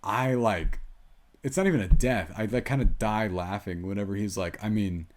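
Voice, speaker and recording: A young man co-hosting a casual movie review podcast, chatty and quick with asides, laughing often. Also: lowish voice, lively intonation. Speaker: podcast co-host, film reviewer.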